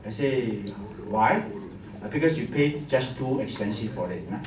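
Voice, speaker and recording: A man's voice: medium pitch, expressive, moderate pace, darkish tone, a little hiss or hum. A man teaching a wine masterclass, jokey and teacherly, tagging his lines with "huh?". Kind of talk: live masterclass talk. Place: hotel function room. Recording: echoey room, far from the mic.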